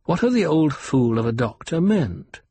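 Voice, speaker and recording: A man narrating an audiobook in an unhurried, even storytelling manner. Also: fairly high pitch, slightly rough, dry recording. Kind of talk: scripted narration.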